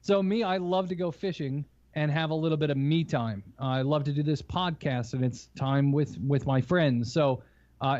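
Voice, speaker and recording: A man's voice: fairly high pitch, mellow, no room sound. A man co-hosting a podcast, chatting casually and telling rambling stories with teasing jokes. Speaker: podcast co-host. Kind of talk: casual chat. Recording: slightly dull, lo-fi mic.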